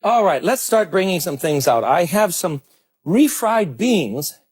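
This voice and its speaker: Husky, lively man cooking on TV. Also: high-pitched, a little slow. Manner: chatty and enthusiastic, exclaiming over the food. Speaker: cooking show host. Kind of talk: cooking demonstration to camera. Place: studio kitchen with helpers. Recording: 1980s television broadcast.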